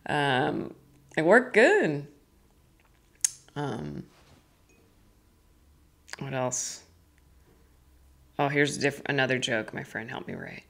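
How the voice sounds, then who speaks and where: Comedian in her thirties, rambling and self-deprecating, giggly, lively swooping pitch. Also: slow, gravelly, pauses often. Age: 30s. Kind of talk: casual live-stream chat.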